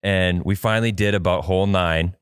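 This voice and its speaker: A man's voice: low voice, steady tone, brisk, clean tone, no echo, studio quality. A man co-hosting a podcast, telling a long rambling story in casual chat and swearing freely. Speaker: podcast co-host.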